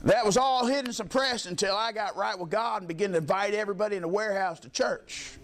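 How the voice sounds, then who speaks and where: A man's voice: high-pitched, quick pace, a bit bright, slight background noise. A middle-aged man preaching a sermon as pastor, telling folksy stories in plain colloquial speech and dropping frequent amens.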